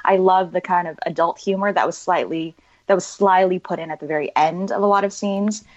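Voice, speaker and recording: A woman's voice: fairly low pitch, fairly even intonation, fairly quick, lo-fi sound. A woman guest on a movie podcast, cheerful and enthusiastic in casual chat. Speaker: guest listener.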